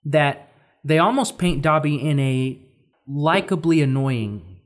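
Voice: mid-range voice, expressive, slow. Rambling podcast co-host, casual chat. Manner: rambling, searches for words.

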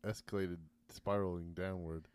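A man co-hosting a podcast in casual chat, playful and teasing with quick jokey remarks. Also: deep voice, flat delivery, darkish tone, clean tone, no echo. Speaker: podcast co-host.

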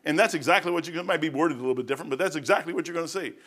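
A man's voice: a little high, racing, a bit bright. A middle-aged man preaching a sermon in a folksy, repetitive way that rises to fervent emphasis.

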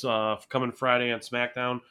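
A man co-hosting a podcast in casual chat, rambling and self-deprecating as he thinks out loud. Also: medium pitch, level tone, normal speed, clean tone. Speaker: podcast co-host.

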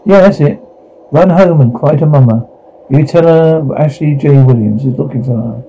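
An actor playing a brash, wisecracking middle-aged demon hunter who talks in a cocky, crude, sarcastic way. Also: male voice, fairly high pitch, moderate pace, creaky, warm tone, highs cut off, slight background noise. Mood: taunting.

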